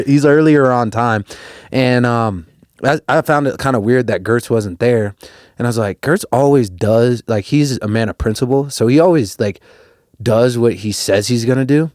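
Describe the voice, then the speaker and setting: A young man from Colorado, a podcast guest telling a story casually, with lots of fillers and restarts, his voice jumping up when he gets excited. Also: mid-range voice, no echo, clean studio sound. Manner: rambling, many fillers and restarts, rises sharply when excited.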